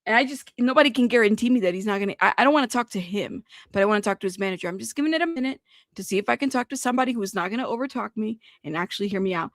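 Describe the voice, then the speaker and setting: Gravelly animated woman streamer. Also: medium pitch, rapid-fire, no room sound, clean studio sound. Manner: animated, laughing, swearing, talks to viewers. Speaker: live-stream host. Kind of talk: casual live commentary reading chat.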